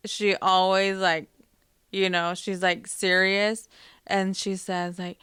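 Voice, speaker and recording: A woman podcast host telling personal family stories in a soft, reflective way, pausing often with fillers. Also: mid-range voice, little pitch movement, smooth, no room sound, studio quality. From Hispanic family, Spanish-speaking mother. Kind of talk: personal storytelling.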